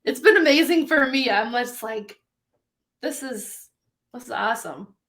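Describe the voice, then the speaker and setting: A bubbly woman hosts an interview over a video call, laughing often and filling her talk with "like." Her voice sits a little high, and she gushes about what her guest tells her. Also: animated, unhurried, fairly bright tone. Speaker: podcast host. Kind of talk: casual interview chat.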